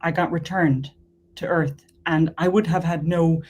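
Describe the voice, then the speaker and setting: An earnest woman from Ireland recounts her personal faith story. Her voice sits low for a woman. She leans on repetition to stress her points. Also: fairly even intonation, unhurried, darkish tone, husky. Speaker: guest.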